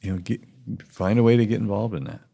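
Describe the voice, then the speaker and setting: A man's voice: on the low side, steady tone, fast, vocal fry, mellow. A man co-hosting a casual faith-based podcast, talking earnestly with many restarts and emphatic urging. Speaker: podcast co-host.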